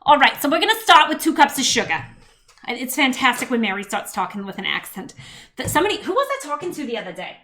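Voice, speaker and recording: A woman's voice: high-pitched, sing-song, fast, sharp tone, rough recording. A woman hosting a casual cooking livestream from her home kitchen, chatty and bubbly, reading viewer comments and talking to her toddler. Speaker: cooking stream host and mother.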